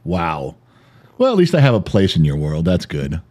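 A man's voice: low voice, wildly swooping pitch, normal speed, a little mellow. A middle-aged man co-hosting a podcast, bantering with his wife in a teasing, mock-offended, boastful way. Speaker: podcast co-host. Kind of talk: bantering married couple chat.

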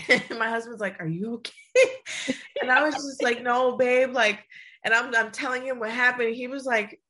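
A woman's voice: on the high side, fairly even intonation, moderate pace, pushed and bright, slight background noise. A young mother chatting casually, laughing often and acting out what others said. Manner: emotional, laughs often, acts out quotes. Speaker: podcast co-host, mother of a baby son. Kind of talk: casual chat.

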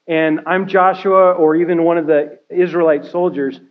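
A man's voice: fairly high pitch, flat delivery, moderate pace, highs cut off. A male care pastor giving a conversational sermon, often checking in with his listeners by asking "right?" and "okay?". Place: church sanctuary.

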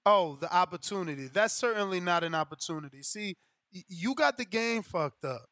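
A man's voice: high-pitched, animated, moderate pace, pushed and bright, no echo, clean studio sound. A man co-hosting a boxing podcast, debating casually with a sarcastic, teasing manner.

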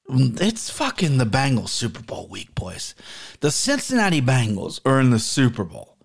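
A man hosting his own podcast, talking casually in a rambling, excitable way and swearing often. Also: medium pitch. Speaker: podcast host. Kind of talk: casual solo podcast talk. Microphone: camera and podcast mic.

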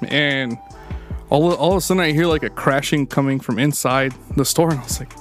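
A podcast co-host tells rambling, profane stories crammed with fillers during a casual storytelling chat. His mid-range voice moves a little fast, with faint music in the background.

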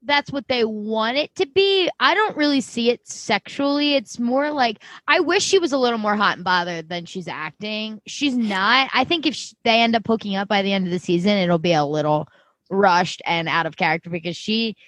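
A woman's voice: mid-range voice, lively intonation, moderate pace, a bit bright, no room sound. A woman co-hosting a casual podcast, blunt and swearing freely. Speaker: podcast co-host. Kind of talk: casual chat.

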